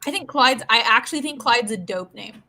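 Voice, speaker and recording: Bright-voiced chatty woman host. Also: fairly high pitch, brisk, rough recording. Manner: chatty, animated storyteller. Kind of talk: casual group video chat.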